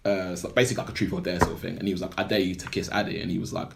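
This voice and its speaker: A young man talks through a film plot in a casual podcast chat. His voice sits a little low, and his telling wanders, with fillers and restarts piling up. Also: level tone, racing, gravelly, background noise. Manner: rambling storyteller, heavy filler words. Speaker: podcast co-host.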